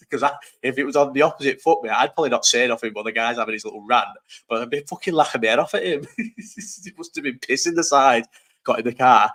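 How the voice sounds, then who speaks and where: A man's voice: mid-range voice, fairly quick, a bit bright. Rambling, laughing man in his thirties. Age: 30s. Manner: rambling, swears a lot, laughs often. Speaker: live stream host. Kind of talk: casual live chat. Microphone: desk mic set too low.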